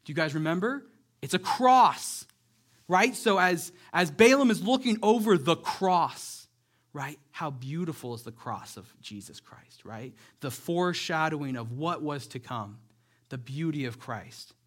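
Casting: male preacher, slightly high voice, animated storyteller who keeps asking "right?". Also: a little slow. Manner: animated storyteller, acts out characters' lines; conversational, checks in with "right?". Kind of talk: sermon, Bible storytelling.

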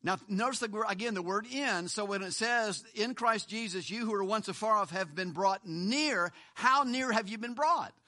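Bright, high-voiced preaching man. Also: normal speed, few pauses. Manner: emphatic, rhetorical questions, repeats words. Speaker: pastor. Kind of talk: sermon.

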